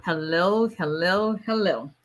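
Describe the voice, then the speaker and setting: A woman's voice: fairly low pitch, takes it slowly. A tired woman, an immigration lawyer chatting casually on a livestream, greeting viewers by name and laughing often.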